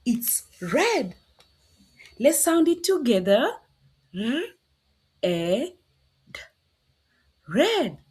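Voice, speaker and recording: A woman teaching phonics to young children, cheerful and coaxing, sounding out each letter slowly. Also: high-pitched. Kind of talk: slow, sing-song teaching to preschoolers.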